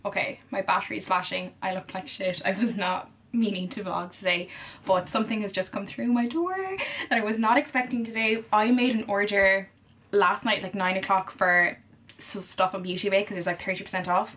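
A young Irish woman in her twenties vlogging in a chatty, gushing way, full of fillers and excited exclamations. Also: medium pitch, a little fast. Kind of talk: casual vlog chat.

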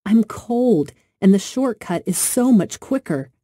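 A woman's voice: medium pitch, animated, dark tone, no echo, clean studio sound, voice pushed up. A woman voicing a young girl, the older sister, who coaxes and hurries in a storybook reading. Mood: coaxing. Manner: coaxing, hurried.

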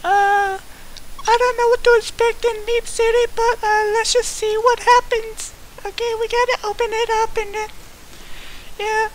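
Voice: very high-pitched, flat delivery, normal speed, a little hiss or hum, rough recording. A performer voicing an eleven-year-old boy playing a game for the first time, rambling with many uhs and easily shocked, in a staged gameplay commentary skit.

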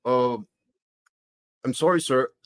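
A man's voice: medium pitch, takes it slowly, close to an everyday voice. A man voicing a polite, baffled Canadian trucker protester with a put-on Canadian accent, forever apologizing. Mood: polite, puzzled. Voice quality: apologetic, keeps saying sorry and eh.

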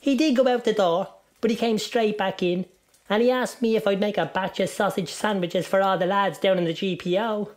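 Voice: moderate pace, lightly acted. Someone doing a chatty old Irish woman. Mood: gossipy. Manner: folksy storytelling, lively pitch swings.

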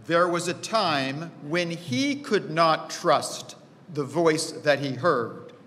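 Pastor, man, unhurried and storytelling, bright high voice, recorded with a long reverb in a church auditorium. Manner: storytelling, acts out quoted voices with rising pitch. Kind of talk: sermon.

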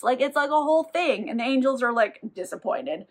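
A woman's voice: a little high, expressive, brisk. A woman giving a casual, sarcastic recap of a novel, with wry asides and some swearing. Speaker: book reviewer.

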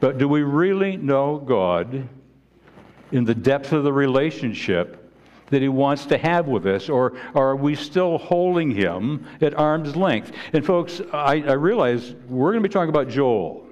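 A man preaching a sermon as pastor in a church, earnest and halting, often restarting and repeating words. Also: medium pitch, lively intonation, darkish tone, lo-fi sound. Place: church sanctuary.

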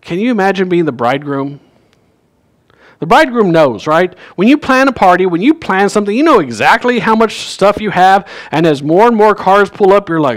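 A man's voice: high-pitched, lively intonation, moderate pace. A male pastor giving a sermon in a church, telling a story in a casual way and acting out the characters' lines. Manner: conversational storytelling, acts out quoted lines. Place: church sanctuary.

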